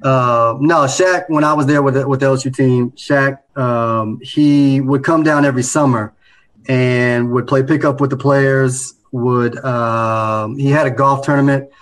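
A man in his late thirties, co-hosting a podcast, telling a story in a relaxed, casual chat that grows animated. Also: medium pitch, a little slow, rough recording. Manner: laid-back, animated when telling a story. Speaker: podcast co-host.

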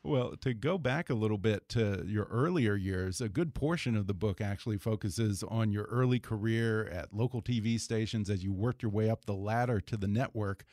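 Low-voiced Texan interview host. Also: male voice, normal speed, few pauses, darkish tone, no room sound, clean studio sound.

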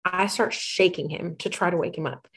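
A woman playing a tabletop game, chatting eagerly and excitably about her character's actions. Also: on the low side, moderate pace. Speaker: player. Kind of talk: casual tabletop game chat.

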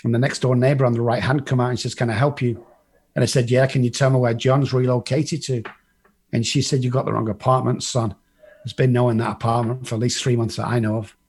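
Husky-voiced man, recovery speaker, salty storyteller who plays every part himself. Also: medium pitch, little pitch movement, quick pace, darkish tone. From England. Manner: blunt and profane, acts out the voices in his story. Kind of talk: personal storytelling to a live group.

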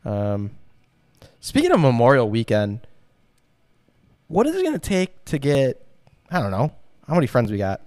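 A man co-hosting a podcast in relaxed, laid-back casual chat, joking along. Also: medium pitch, normal speed, pauses often, dry recording. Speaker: podcast co-host.

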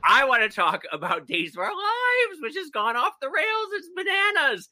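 Male co-host, gossipy storyteller, bright and sharp tone. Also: very high voice, normal speed, dry recording. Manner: gossipy, excitable storytelling with acted-out quotes. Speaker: podcast co-host. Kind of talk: animated casual chat.

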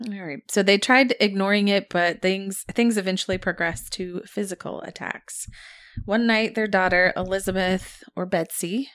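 A woman's voice: mid-range voice, fairly even intonation, normal speed, fairly bright tone. A woman co-hosting a podcast, casually telling a spooky story and laughing often.

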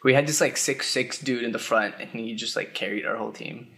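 A young man in a relaxed podcast chat with friends. He wanders through his stories and keeps stopping to fill the gaps with filler words. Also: medium pitch, vocal fry. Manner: rambling, full of "like" and trailing pauses. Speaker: podcast co-host. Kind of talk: casual chat among friends.

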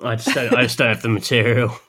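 A man's voice: mid-range voice, level tone, fast talker, a bit bright, husky, no echo, studio quality. A man, co-hosting a podcast and joking about himself in casual chat. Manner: self-deprecating, jokey. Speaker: podcast co-host.

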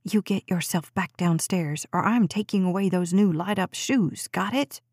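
A woman's voice: fairly low pitch, normal speed, a little mellow, no room sound, clean studio sound. A woman voicing an exasperated young mother who scolds her daughter firmly but with a teasing edge. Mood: stern scolding. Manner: firm, scolding, half teasing.

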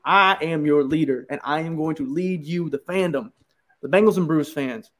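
A man hosting a casual sports podcast who swings into a loud, hyped pep-rally rant. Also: fairly high pitch, normal speed. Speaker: podcast host.

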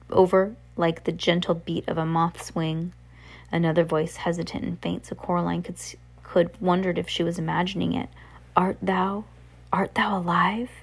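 A woman reading a novel aloud in a relaxed way, with slips and self-corrections. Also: fairly low pitch, creaky. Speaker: reader.

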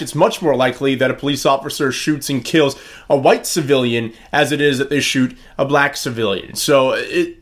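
Loose, opinionated man host. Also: on the high side. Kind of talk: casual political talk.

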